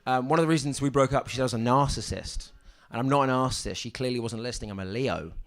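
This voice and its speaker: A young man doing a stand-up set on a club stage, with a halting deadpan delivery full of ums and restarts. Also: mid-range voice, background noise. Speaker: stand-up comedian. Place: comedy club stage with audience. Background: audience laughter.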